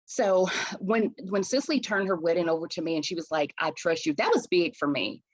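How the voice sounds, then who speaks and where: A woman's voice: on the low side, a little fast, no echo, dull audio. A woman event planner from Chicago, telling her story in an interview with passion and frequent restarts. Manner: passionate, animated, restarts often.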